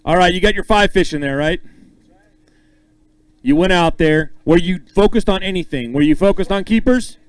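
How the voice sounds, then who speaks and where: A man emceeing a bass-fishing weigh-in on an outdoor stage, upbeat and joking with the anglers as he calls out names and weights. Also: moderate pace, dry recording, poor audio. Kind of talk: live emcee announcing with banter.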